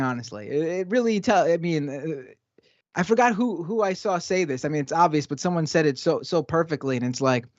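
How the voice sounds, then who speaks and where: A man's voice: on the high side, no echo, dull audio. A man hosting a live stream, chatting casually and ranting animatedly, speeding up when he argues. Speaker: show host.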